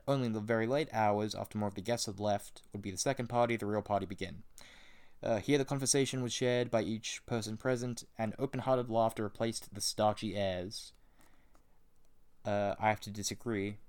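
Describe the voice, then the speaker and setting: A man's voice: mid-range voice, darkish tone, clean tone. A man reading a book aloud and breaking off into casual, sarcastic commentary with some swearing. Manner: casual, sarcastic asides and swearing between read passages. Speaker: reader and commentator.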